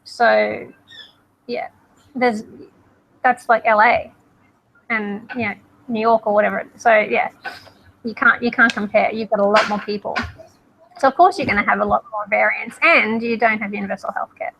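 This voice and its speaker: A woman's voice: mid-range voice, flat delivery, normal speed, vocal fry, long pauses, a bit bright, slight background noise, low-quality recording. A woman co-hosting a casual video call chat, talking in a direct, matter-of-fact way. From Australia. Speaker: co-host.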